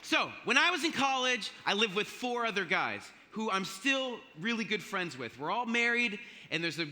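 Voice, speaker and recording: A man's voice: high-pitched, big pitch swings, normal speed, bright, forceful tone, slight background noise. A man in his forties giving a casual, joking, storytelling talk as a chapel speaker. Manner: playful, self-joking, conversational. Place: university chapel. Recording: long hall reverb of a chapel.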